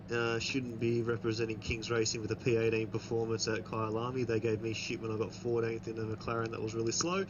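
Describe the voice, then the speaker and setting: A man's voice: mid-range voice, muffled recording, noisy background. A man co-commentating a sim race, casually running through the qualifying results. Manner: casual, reads results, self-correcting.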